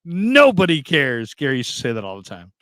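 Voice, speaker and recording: Rambling sports radio host, dry sound. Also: male voice, on the low side, racing, fairly bright tone, clear, resonant tone, no room sound. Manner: loose and rambling, repeats himself, laughs often. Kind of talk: casual chat reading listener comments.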